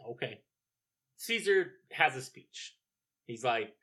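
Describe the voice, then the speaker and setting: Man, casual co-host. Bright tone, dry and wry, keeps things moving. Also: mid-range voice, expressive, unhurried. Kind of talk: casual film discussion.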